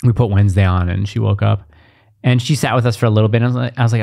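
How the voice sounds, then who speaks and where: A man in his thirties co-hosting a podcast, chatting casually and telling animated stories with put-on shouting voices. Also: on the low side, fairly quick, vocal fry, smooth. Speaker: podcast co-host. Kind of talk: casual chat.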